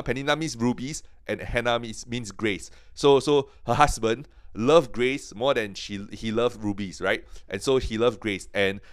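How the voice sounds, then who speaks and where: A man teaches from the Bible on a podcast, earnest and eager, his medium-pitched voice smooth and recorded in clean studio quality with no room sound. He halts often, restarting and repeating his words, and grows excited and emphatic as he goes.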